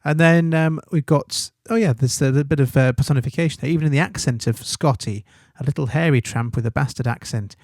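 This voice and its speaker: A man with an English accent, an English teacher talking through a literary text in a relaxed way, thinking aloud with fillers and tag questions. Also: medium pitch, brisk, few pauses, no echo, studio quality. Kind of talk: study guide commentary on a text.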